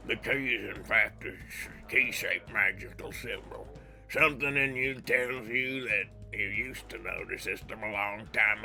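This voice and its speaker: A man's voice: fairly low pitch, creaky, pushed and bright. A young man streaming a video game live, reading its text aloud with casual, profane asides. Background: faint game music.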